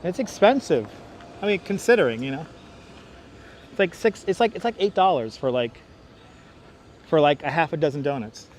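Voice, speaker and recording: A man's voice: on the high side, expressive, normal speed, pauses often, slight background noise. Chatty Brooklyn man touring outdoors. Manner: chatty, talks to viewers while walking. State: out of breath from walking uphill. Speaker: livestream tour guide. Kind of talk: walking livestream tour commentary. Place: outdoors in a city park. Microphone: wireless clip-on mic.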